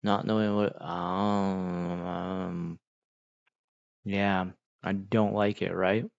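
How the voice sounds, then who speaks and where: A man hosting a casual livestream, talking to chat in a relaxed, rambling way with many fillers. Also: deep voice, very slow, vocal fry, no echo. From United States. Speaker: livestream host. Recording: dull, dry mic sound.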